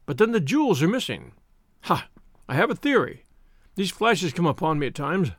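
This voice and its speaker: A man puts on a stout, pompous police inspector who blusters with smug self-satisfaction. The voice is muffled, husky and wheezing, with a gravelly edge and lively swoops of pitch, recorded dry and close. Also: normal speed, dry recording, heavily acted.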